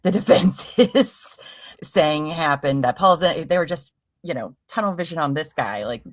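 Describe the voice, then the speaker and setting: Woman from Ohio, casual livestream host, slightly low voice. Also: animated, a little slow, no room sound. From Ohio, USA. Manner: chatty, reads viewer comments aloud. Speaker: true crime livestream host. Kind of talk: casual chat.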